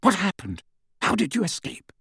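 A man's voice: on the high side, big pitch swings, normal speed, a little mellow, slightly rough, dry recording, studio quality, heavily acted. A man voicing a stern, tense adult wizard who speaks tersely and sharply.

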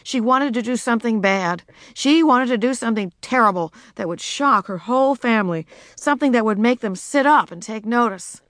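A woman narrating a children's storybook with expressive delivery. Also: fairly high pitch, normal speed, hardly any pauses, no echo, clean studio sound. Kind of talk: audiobook narration.

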